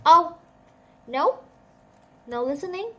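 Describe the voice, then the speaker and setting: A Vietnamese woman who speaks English as a second language teaches a casual online English lesson, thinking aloud and poking fun at herself. Her voice is very high and very animated, yet she speaks slowly.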